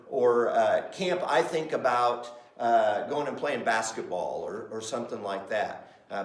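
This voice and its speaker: A middle-aged male pastor teaching a Sunday School class in a lively, conversational way, often putting questions to the class. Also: medium pitch. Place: church classroom. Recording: roomy echo.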